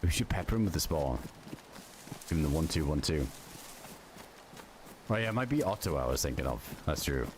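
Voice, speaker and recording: A man's voice: extremely low pitch, animated, fairly quick, pauses often, background noise. A young man streaming a game, chatting casually in a rambling way, full of fillers and swearing. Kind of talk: casual chat while gaming.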